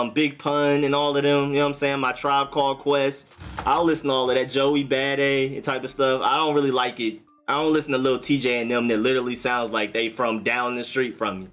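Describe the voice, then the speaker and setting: Chatty man hosting a live stream. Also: mid-range voice. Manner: relaxed, chatty, reads and answers viewer comments. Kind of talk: casual live stream chat.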